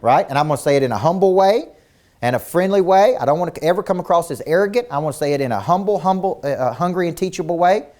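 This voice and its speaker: A man's voice: a little high, lively intonation, fast talker, darkish tone. Intense, emphatic male business coach. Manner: intense, emphatic, fires rhetorical questions; repeats words when starting a point. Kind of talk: virtual coaching seminar.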